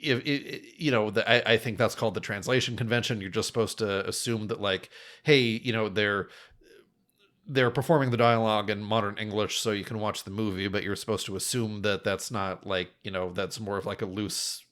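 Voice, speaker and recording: A man with a fairly low voice co-hosts a film podcast. He thinks aloud in a rambling, casual way, full of fillers and restarts. His talk sounds easygoing and conversational. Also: fairly even intonation, brisk, a bit bright. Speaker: podcast co-host.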